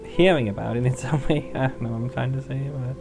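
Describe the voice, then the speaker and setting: A woman's voice: rumbling low, fast talker, creaky, music in the background, poor audio. A woman hosting a let's play, rambling through casual gameplay commentary and laughing often.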